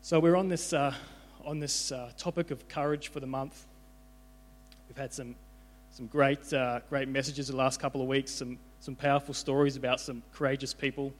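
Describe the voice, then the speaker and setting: A man's voice: mid-range voice, steady tone, moderate pace. A young man giving an informal sermon, conversational, often repeating his words as he goes. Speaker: preacher. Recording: hall reverb with mains hum.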